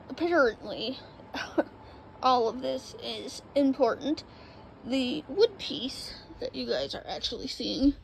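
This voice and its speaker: A woman chatting casually to camera in an RV, high and gravelly in tone. She talks slowly and drifts from thought to thought, filling gaps with ums. Faint background noise sits under the camera mic. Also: darkish tone, low-quality recording. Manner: rambling, lots of ums and trailing thoughts. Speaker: vlogger. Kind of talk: casual vlog chat. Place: indoors in an RV.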